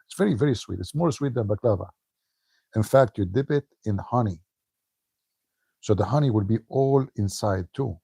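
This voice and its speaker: Gravelly-voiced joking male streamer. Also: fairly low pitch, animated, normal speed, pauses often, warm tone, no echo. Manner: joking, chatty, laughs often. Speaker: online commentator. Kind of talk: casual livestream chat.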